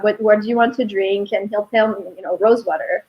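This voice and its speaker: A woman linguistics professor talking as an interview guest, telling animated stories and quoting her son. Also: medium pitch, brisk, lo-fi sound. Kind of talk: casual interview talk.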